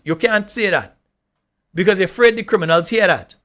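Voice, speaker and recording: A man's voice: high voice, animated, moderate pace, fairly bright tone. A man hosting a political call-in radio show, arguing his points and repeating them with "Yeah?". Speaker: radio talk show host.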